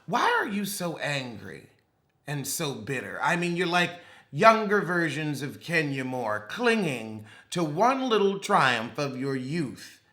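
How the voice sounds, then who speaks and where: A man's voice: fairly high pitch, big pitch swings, slow pace, pushed and bright. A man recapping a reality show with sassy, dramatic, cutting humor.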